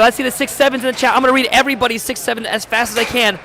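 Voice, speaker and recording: A man doing live-stream sports commentary, calling plays in quick bursts and reading chat aloud with jokes. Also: very high-pitched, steady tone, pushed and bright. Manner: rapid play-calling, reads chat aloud, jokey. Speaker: play-by-play commentator. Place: home studio.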